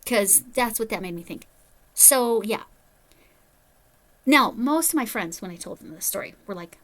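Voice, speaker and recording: A woman's voice: mid-range voice, expressive, moderate pace, pauses often, a bit bright. A woman vlogging about crochet, telling a story in a chatty way with rambling, self-deprecating asides. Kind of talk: casual storytelling.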